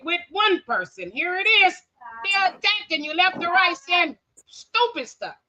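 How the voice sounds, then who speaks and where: A woman's voice: very high-pitched, sing-song, a little slow, pushed and bright, lo-fi sound. A woman hosting a live stream, talking bluntly and emphatically in support of her guest. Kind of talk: casual live-stream chat.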